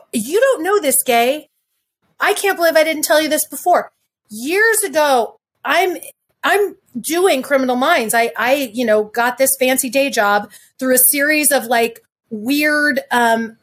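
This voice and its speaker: A middle-aged woman, a podcast guest, talking effusively and rambling, a little stuffy from having cried. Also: high voice. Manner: effusive, rambling, quick bursts of speech. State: stuffy nose from crying. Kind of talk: casual interview chat.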